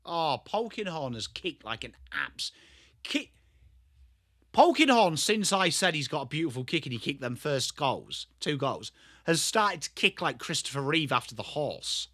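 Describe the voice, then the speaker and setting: A man's voice: a little high, big pitch swings, unhurried, bright, forceful tone, no room sound, clean studio sound. An English man hosting a live football watchalong stream, chatting bluntly with viewers by name between calls on the play. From England. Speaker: livestream host.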